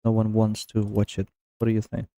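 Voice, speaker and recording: A young man with a Russian accent, a streamer talking casually to a voice assistant in English while gaming, halting and searching for words. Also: on the low side, completely flat delivery, creaky, warm tone, dry recording, clean studio sound.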